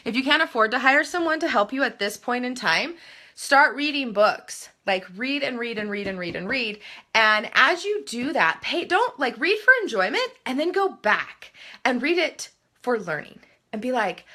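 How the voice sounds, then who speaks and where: A woman novelist in her thirties, chatting live to viewers with emphatic, animated writing advice and self-mocking asides. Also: fairly high pitch, moderate pace. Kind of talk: live video chat answering viewer comments.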